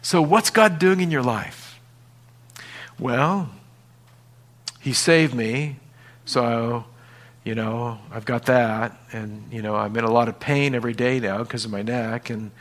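A man preaching a sermon in a conversational way, dropping to quiet emphasis and acting out small everyday scenes. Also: mid-range voice, slow pace, pauses often. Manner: acts out little scenes with voices. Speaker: pastor.

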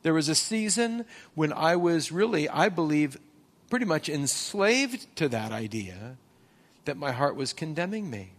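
A man's voice: fairly high pitch, very animated, a little slow. A man preaching a sermon as a pastor, telling personal stories and asking the congregation questions.

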